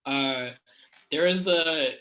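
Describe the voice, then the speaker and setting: A man's voice: fairly high pitch, very slow, a bit bright, slight background noise. A young man guest on a casual podcast, telling a story in a loose, rambling way with lots of "like" and some swearing. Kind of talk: casual comedy chat.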